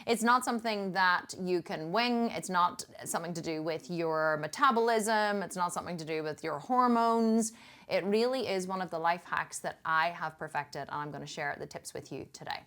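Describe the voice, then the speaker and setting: A woman's voice: on the low side, normal speed, fairly bright tone. A middle-aged woman from Northern Ireland with a Northern Irish accent, telling a story in a chatty, emphatic vlog style. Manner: chatty and emphatic, with frequent restarts and laughs. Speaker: fitness coach.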